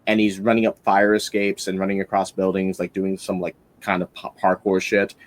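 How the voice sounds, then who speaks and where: A male podcast host with a fairly low voice, chatting casually about films. He rambles with enthusiasm, circling back with fillers and restarts as he works through his points. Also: monotone, brisk. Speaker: podcast host reviewing a film. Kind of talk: casual film-review chat.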